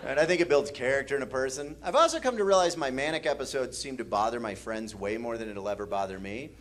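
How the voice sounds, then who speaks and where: A man's voice: medium pitch, animated, fast. A man from the Midwest doing stand-up comedy, telling anxious stories in a manic, rambling way on a comedy club stage.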